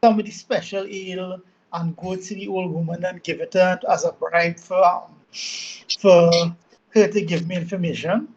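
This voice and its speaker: A man playing a tabletop game, speaking eagerly and deciding quickly. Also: high-pitched, fairly even intonation, darkish tone. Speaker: player. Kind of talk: casual game chat. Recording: dull lo-fi mic.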